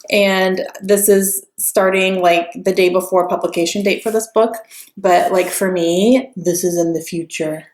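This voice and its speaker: A woman vlogging about a new book at home, gushing and bubbling over with excitement. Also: fairly low pitch, measured pace, slight background noise. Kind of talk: excited casual vlog. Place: home couch.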